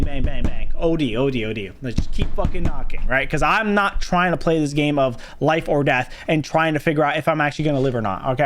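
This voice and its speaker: A young man tells a story from his own life to a livestream, and he swears freely. His voice sits high and swings wide, and it jumps up sharply when he is outraged. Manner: animated, profane, jumps to high exclaims. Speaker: streamer telling a story.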